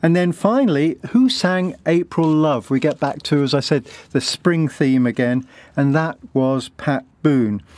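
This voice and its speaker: A man presenting a music quiz on a live show, announcing the answers and winner in a relaxed, friendly way. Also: on the high side, unhurried, no room sound. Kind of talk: casual quiz round-up.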